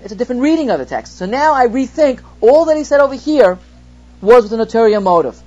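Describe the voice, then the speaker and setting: A male rabbi with a very high, dark-toned voice teaches a text study lesson at a quick, animated pace. He explains by example, poses rhetorical questions, and reads Hebrew before translating it, all on a muffled lo-fi recording.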